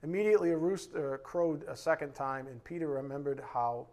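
A man leads a conversational Bible lesson, his voice sitting a touch higher than most men's. He talks loosely and informally, often turning to his listeners with a quick "right?" as he walks through the passage. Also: darkish tone. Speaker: Bible teacher.

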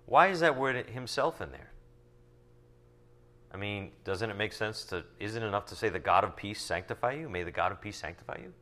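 A man teaching from the Bible, reading verses slowly and then explaining them in casual asides full of rhetorical questions. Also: on the low side, lively intonation, bright, forceful tone. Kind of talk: sermon teaching from scripture.

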